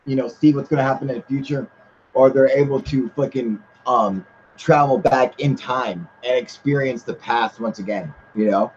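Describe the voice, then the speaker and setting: A man's voice: medium pitch, moderate pace, a little hiss or hum. A man hosting a livestream in casual chat, reading viewer comments aloud, loose and profane, laughing often. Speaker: livestream host. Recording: muffled lo-fi stream audio.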